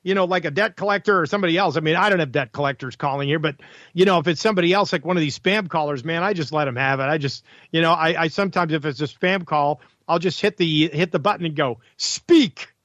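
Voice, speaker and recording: A man hosting a call-in radio talk show, chatty and quick to laugh. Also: a little high, fairly bright tone, no room sound, lo-fi sound. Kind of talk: casual call-in chat.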